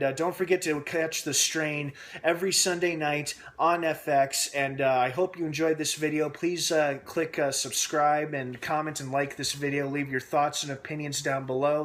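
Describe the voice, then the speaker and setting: A man's voice: fairly high pitch, a bit bright. A young man hosting a casual TV episode recap vlog. He rambles with a lot of "uh" fillers and restarts, and he asks himself questions aloud as he speculates. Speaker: TV episode reviewer and channel host.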